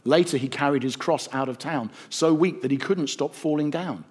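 A man narrating a rhyming story in a gentle, rhythmic storytelling manner. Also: on the high side, moderate pace, breathy edge.

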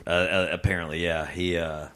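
A man's voice: low voice, little pitch movement, normal speed, sharp tone. A man from the American Midwest, a stand-up comedian, telling a personal story as a podcast guest in a living room. He swears a lot and stammers through restarts. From Rock Island, US Midwest. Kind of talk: casual personal storytelling in an interview.

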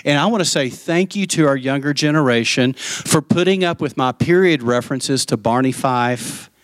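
A man's voice: mid-range voice, moderate pace, no room sound. Pastor, middle-aged man, candid storytelling sermon, dry close sound. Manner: candid storytelling, acts out quoted voices.

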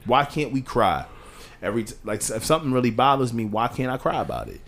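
A man's voice: sing-song, fast talker, a bit bright, a little hiss or hum. Impassioned man on a podcast. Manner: impassioned, rising pitch when stressing points, drops low for quoted voices. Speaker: podcast co-host. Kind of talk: casual podcast chat.

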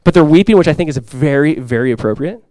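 In front of the congregation, a man preaches a passionate sermon in a fairly high voice with lively intonation, talking fast. Quoted cries swell loud, then he drops to a soft tone; the sound has no echo.

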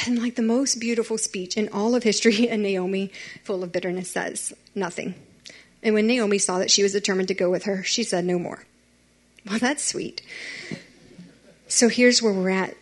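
A young woman, giving a chatty, animated youth sermon and talking straight to teenagers. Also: mid-range voice, normal speed. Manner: chatty and animated, addressing teens directly.

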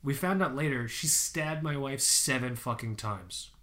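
A man's voice: mid-range voice, expressive, a little slow, bright, forceful tone. Swearing, emphatic male podcast co-host. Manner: profane, emphatic storytelling with many fillers. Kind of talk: casual podcast chat.

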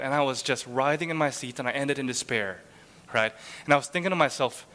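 Bright-voiced preacher in a reverberant hall. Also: male voice, mid-range voice, brisk. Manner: earnest, rhetorical, frequent "right?" tags. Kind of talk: sermon.

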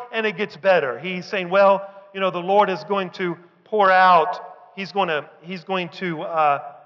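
High, bright-voiced preacher in a hall. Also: male voice. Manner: slow, emphatic reading that rises to fervent shouts. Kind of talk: sermon reading psalms with commentary. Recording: dull lo-fi recording with long hall reverb.

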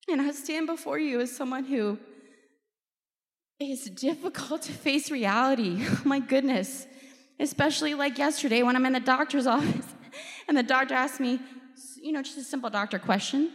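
A woman's voice: high-pitched, normal speed. A woman gives a candid, emotional faith talk to a gathered group. She laughs often and lifts her voice when she quotes people. Her voice rings with a long reverb from a large hall. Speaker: speaker at a faith event.

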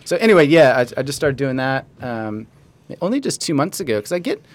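A man's voice: mid-range voice, very animated, fairly quick. A young man, a writer and coach, talking earnestly and reflectively as a podcast guest. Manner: earnest, reflective, says "like" often. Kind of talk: casual interview chat.

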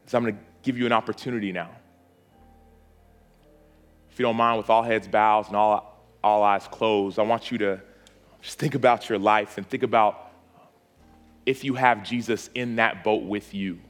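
A man's voice: fairly low pitch, steady tone, normal speed, long pauses, soft background music. A man preaching an altar call in a church auditorium, with a repetitive, pleading cadence.

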